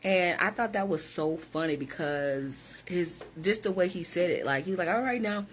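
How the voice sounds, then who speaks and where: A woman's voice: on the low side, normal speed. Woman, vlogger, direct and emphatic, career pep talk, faint hiss behind her. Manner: direct, emphatic, speaks straight to viewers. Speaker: hiring manager. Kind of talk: motivational vlog talk.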